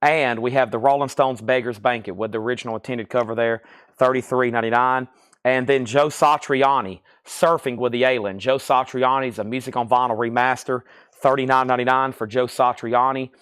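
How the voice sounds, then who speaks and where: A man's voice: medium pitch, fairly even intonation, fairly quick, fairly bright tone, clean tone, no room sound, clean studio sound. Chatty man running a live record sale. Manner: chatty, reads prices, rambles between items. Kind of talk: live-stream sales patter.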